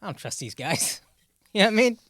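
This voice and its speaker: A man's voice: high-pitched, big pitch swings, fast, fairly bright tone, no echo, clean studio sound. A man co-hosting a comedy podcast, talking bluntly in slangy, casual banter. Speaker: podcast co-host.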